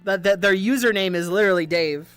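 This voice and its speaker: Excitable swearing woman streamer. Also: medium pitch, fast talker, clear, resonant tone, no echo, soft background music. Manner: rambling and excitable, swears a lot and laughs often. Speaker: VTuber livestream host. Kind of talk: casual livestream chat answering viewer questions.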